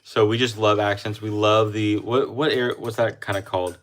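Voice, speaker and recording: A man's voice: fairly low pitch, fairly even intonation, moderate pace. A young man from the United States co-hosting a casual livestream chat, easygoing and rambling. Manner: easygoing, rambling with restarts and laughs. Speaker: co-host of coin livestream.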